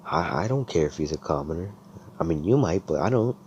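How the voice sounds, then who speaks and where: A man's voice: low-pitched, expressive, brisk, a little mellow, dull audio, a little hiss or hum. A man voicing a coy, teasing young noblewoman in a fan story.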